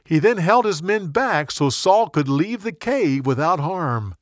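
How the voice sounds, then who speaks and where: A man narrating a Bible story in a slow, expressive storytelling manner. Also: fairly high pitch, dry recording, studio quality.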